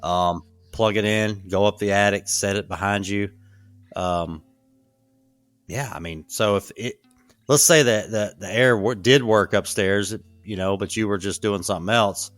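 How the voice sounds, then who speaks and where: Guy on a podcast, low voice, rambly and filler-heavy, dry sound. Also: unhurried, a bit bright, dry recording, soft background music. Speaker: podcast guest. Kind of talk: casual conversation.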